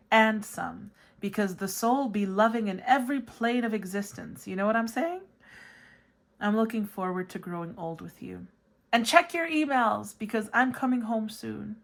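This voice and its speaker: A woman tarot reader delivering a playful love letter, joking in a sing-song way and turning soft and earnest in the serious parts. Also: mid-range voice, creaky. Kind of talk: channeled love letter reading.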